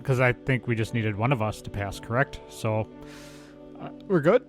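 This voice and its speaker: A man's voice: mid-range voice, lively intonation, moderate pace, faint music behind. Playful, boastful male player. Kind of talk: casual tabletop play chat.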